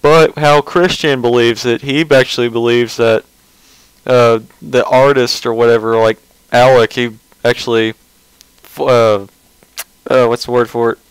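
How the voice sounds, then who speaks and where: A man's voice: mid-range voice, steady tone, a little slow, clean tone, dry recording, rough recording. A man giving casual, rambling commentary on a webcomic page, mocking and sarcastic, often restarting his sentences.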